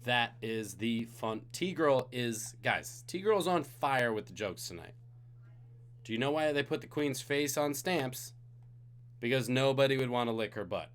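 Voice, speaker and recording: A man's voice: medium pitch, fairly bright tone. A tired man hosting a live-streamed trivia game, reading out questions and joking with the chat between them. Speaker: trivia host.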